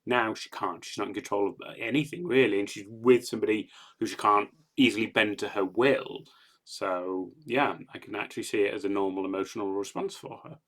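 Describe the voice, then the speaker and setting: A man's voice: on the low side, a little fast, fairly bright tone. A man co-hosting a podcast, giving analytical, agreeable commentary on a TV episode. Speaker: podcast co-host. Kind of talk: casual chat analyzing a TV episode.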